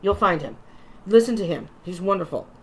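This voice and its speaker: A woman's voice: on the low side, a little fast. A woman giving a casual, chatty tarot reading, talking reassuringly and often restarting her sentences, and sounding a little tired. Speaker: tarot reader.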